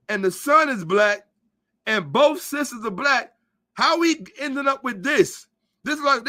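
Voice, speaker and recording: A man's voice: extremely high pitch, pushed and bright. A man hosting a podcast, giving a blunt, profane, emphatic commentary monologue and lecturing his listeners. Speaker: podcast host. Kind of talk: ranting social commentary monologue.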